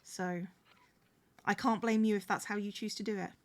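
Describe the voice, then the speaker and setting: Sewing crafts on a live stream, this woman speaks at normal speed in a mid-range voice with fairly even intonation. She chats casually, thanks viewers, and frequently starts sentences over, with a little hiss or hum in the audio.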